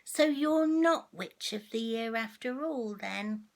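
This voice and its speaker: An older woman voicing a curious male ginger cat in a storybook read-aloud, asking slow, wondering questions. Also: on the high side, expressive, gravelly, exaggerated voice. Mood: thoughtful.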